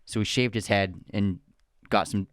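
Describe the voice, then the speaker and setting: A man's voice: on the low side, fairly even intonation, moderate pace, dry recording, clean studio sound. A young man co-hosting a podcast, chatting casually and enthusiastically about films with his brother. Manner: enthusiastic, opinionated. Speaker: podcast co-host. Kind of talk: casual film chat.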